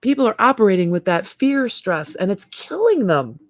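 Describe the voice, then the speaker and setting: Hosting a laid-back livestream chat, a middle-aged woman speaks in a very animated, mid-range voice at normal speed. She's chatty, laughs a lot, and tends to trail off and start again. The recording is dry and studio quality.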